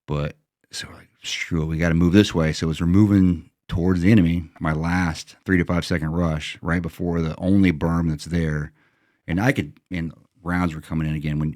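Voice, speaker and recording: A man's voice: a bass voice, a little mellow, no room sound, studio quality. A middle-aged American man, a former Green Beret, telling a combat story in a blunt, matter-of-fact way, rambling with restarts. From United States. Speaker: retired Green Beret sergeant major, guest.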